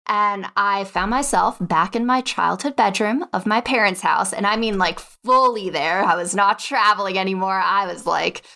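A woman's voice: mid-range voice, moderate pace, gravelly, hardly any pauses, bright, forceful tone. A young adult woman, a podcast guest, telling her story in a casual interview and acting out her own past dialogue.

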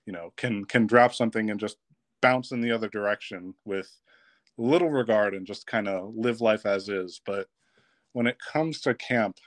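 A man, a guest on a podcast, tells a funny camp story in a lively, casual way and laughs as he goes. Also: fairly low pitch, normal speed, no echo. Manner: lively, laughs while telling stories.

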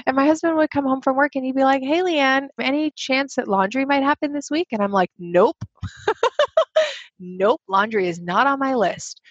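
Animated woman telling a personal story. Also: high-pitched, moderate pace, no echo, lo-fi sound. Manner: animated, acts out quoted voices. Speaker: guest telling her story.

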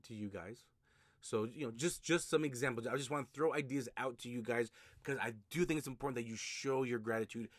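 A man's voice: mid-range voice, no echo, clean studio sound. A man hosting a solo podcast, giving casual advice in a conversational way, often restarting his sentences. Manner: conversational, repeats himself, frequent restarts and fillers. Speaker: podcast host, notary signing agent.

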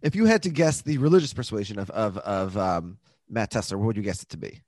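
A man co-hosting a podcast, chatting casually about a TV episode with quick laughs and self-correcting asides. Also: lowish voice, expressive, darkish tone, no room sound, studio quality. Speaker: podcast co-host.

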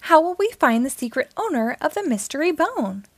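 A brave, level-headed cartoon girl agent , as a woman reads her aloud takes charge in a bright, lively storybook voice. The pitch sits a little high and the sound is dry. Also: moderate pace, no room sound. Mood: bold. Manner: calm, take-charge. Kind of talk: children's read-aloud.

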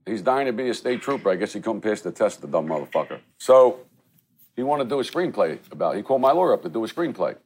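Blunt, fast-talking Philly man. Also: on the low side, big pitch swings, darkish tone, breathy edge. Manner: profane, blunt, street-talking. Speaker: podcast co-host. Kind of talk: casual chat, storytelling. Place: restaurant.

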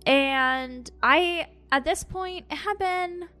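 A woman on a podcast, casually telling a personal story with animated asides and acted-out quotes. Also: high voice, slow pace, faint music behind. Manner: animated storytelling, acts out her own quotes with laughs. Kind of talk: casual chat.

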